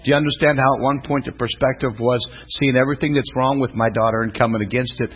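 Husky man explaining calmly. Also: mid-range voice, fast. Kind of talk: teaching commentary.

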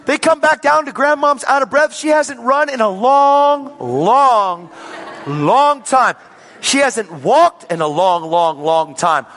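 A man preaching, telling a healing testimony as a lively story, acting out the people in it and repeating his praise with emphasis. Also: very high-pitched, slow pace, in a large hall. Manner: dramatic retelling that acts out the quoted voices.

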